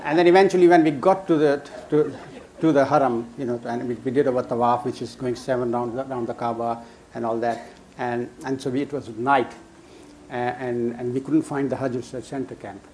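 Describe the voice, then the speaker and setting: Older man, storyteller, halting and amused, mid pitch, faint hiss behind. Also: steady tone, a little mellow. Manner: chuckling, halting with many restarts. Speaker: storyteller guest. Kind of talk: casual anecdote telling.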